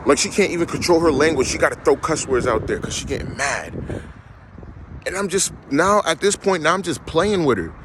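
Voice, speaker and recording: Young philly guy ranting hard, heated and repetitive, loud vehicle noise behind. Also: on the high side, expressive, a little fast. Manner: emphatic, heated, repeats himself. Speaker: vlogger. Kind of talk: ranting monologue.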